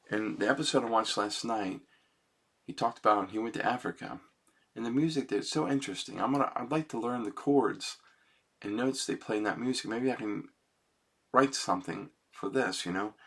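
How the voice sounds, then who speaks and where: Here the amateur songwriter's voice sits on the low side, slightly rough with vocal fry. He chats loosely into his computer's webcam mic, self-conscious and rambling with plenty of "man" and "you know," then quietly speaks his own lyrics.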